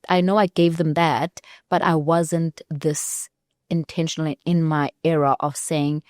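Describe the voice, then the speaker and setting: Expressive South African woman host. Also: low voice, normal speed, no room sound, studio quality. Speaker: podcast host. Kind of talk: casual conversation.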